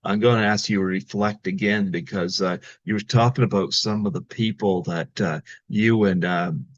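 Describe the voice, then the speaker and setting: Guy hosting an interview, lowish voice, ums a lot, muffled dry sound. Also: moderate pace, no room sound. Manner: hesitant, fan-like questioning with fillers. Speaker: podcast host. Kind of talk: interview questions.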